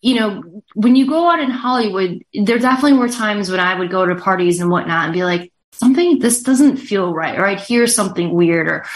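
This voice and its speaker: A woman talking as a show guest, halting and earnest, full of fillers and restarts. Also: mid-range voice. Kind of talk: casual interview talk.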